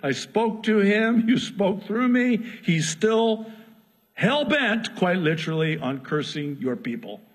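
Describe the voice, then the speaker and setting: A man voicing an indignant male talking donkey who rants at his rider, with a husky voice. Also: sits high, animated, slow, pitched above the performer's own voice, full character voice. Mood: pleading. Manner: pleading, ranting, goes back and forth. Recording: long hall reverb.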